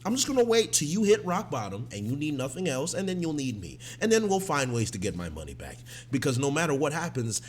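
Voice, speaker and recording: A man putting on an eerily calm, menacing mom. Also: fairly high pitch, slight background noise. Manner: slow, quiet, chillingly calm. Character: eerily calm menacing middle-aged mother, a woman.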